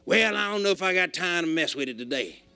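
A man's voice: sits high, animated, fast, vocal fry, bright, forceful tone, clean tone, soft background music, voice pushed down, heavily acted. A man voicing a curt, busy radiator mechanic who brushes off a customer. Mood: brushing off. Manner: curt and dismissive.

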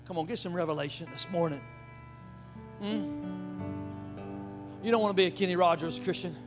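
A man preaching a sermon with emphatic call-and-response, folksy phrasing, and shouted hallelujahs. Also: high-pitched, moderate pace, music in the background. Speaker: pastor.

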